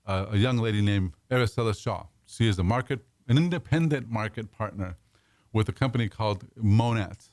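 A man with a lowish voice hosts a casual talk show at a quick clip. He rambles, restarts phrases and repeats words as he goes. The sound is dry and close. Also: darkish tone, dry recording. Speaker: radio show host.

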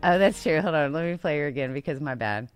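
A woman co-hosting a casual chat, bubbly and quick to laugh. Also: low voice, faint music behind. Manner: bubbly, laughs often, animated. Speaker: podcast co-host.

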